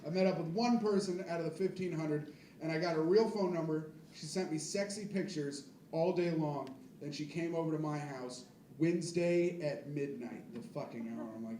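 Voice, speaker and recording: A man's voice: fairly high pitch, fairly quick, recorded from a distance, slight background noise. A man in his twenties doing a crude, self-deprecating stand-up set with rambling asides to the crowd, on a comedy club stage. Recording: echoey club miked from afar, loud crowd.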